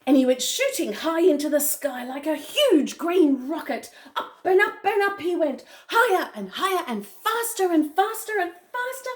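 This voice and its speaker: Older woman reading a storybook aloud, playful. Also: very high voice. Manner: animated, playful, with gasps and chuckles. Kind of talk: reading a picture book aloud to a child.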